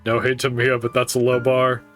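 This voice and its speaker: A man's voice: medium pitch, completely flat delivery, normal speed, a bit bright, soft background music. A man streaming a story game, narrating it aloud and reacting with casual swearing. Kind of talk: reading a story game aloud with live commentary.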